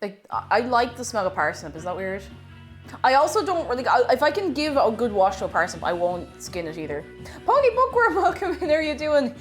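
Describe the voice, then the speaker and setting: Woman, cooking streamer, chatty and laughing, lively higher voice. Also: a little fast, soft background music. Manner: chatty, reads chat aloud, laughs often. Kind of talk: casual live-stream chat while cooking.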